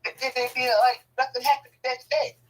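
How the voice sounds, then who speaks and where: Husky, bright-voiced man telling stories. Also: extremely high pitch, a little fast, rough recording. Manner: profane, animated, laughing. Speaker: storyteller. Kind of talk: casual storytelling.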